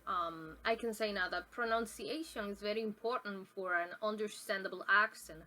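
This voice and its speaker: A woman's voice: medium pitch, bright, forceful tone, slight background noise, low-quality recording. Woman giving a recorded pronunciation lesson. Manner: explanatory, with frequent fillers and restarts. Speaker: student presenter. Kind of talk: recorded class presentation. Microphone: self-recorded.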